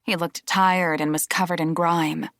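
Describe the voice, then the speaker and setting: A woman reading a novel aloud as an audiobook narrator, steady and measured. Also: fairly low pitch, no room sound, studio quality. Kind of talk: scripted narration.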